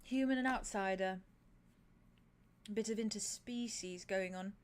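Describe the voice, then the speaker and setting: A woman voicing a shrewd, wary grandmother and clever female politician in a tabletop role-play, with a dry, measured, slightly formal way of talking. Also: mid-range voice, natural voice. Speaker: player voicing a grandmother character.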